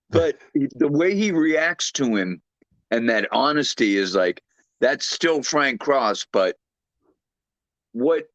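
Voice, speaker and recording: A man on a movie review podcast, weighing his thoughts in a slow, unhurried way. He sounds reflective and careful. The mic is dull and lo-fi, with a close, dry sound. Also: mid-range voice, a bit bright, no echo. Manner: measured, reflective. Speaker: podcast co-host. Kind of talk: casual movie review chat.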